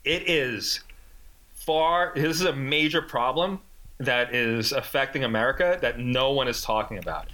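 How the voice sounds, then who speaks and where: A man telling a long story in casual chat, animated and sarcastic, acting out the people he quotes. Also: medium pitch, a little slow. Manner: animated, acts out quoted voices, jokey and sarcastic.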